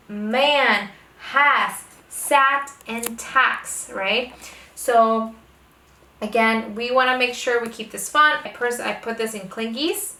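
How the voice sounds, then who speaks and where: Slow, bright-voiced woman teaching phonics. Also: fairly high pitch. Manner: slow, deliberate, exaggerates phonics sounds. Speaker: homeschooling parent teaching reading. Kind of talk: instructional talk to camera. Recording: echoey room, voice a bit far from mic.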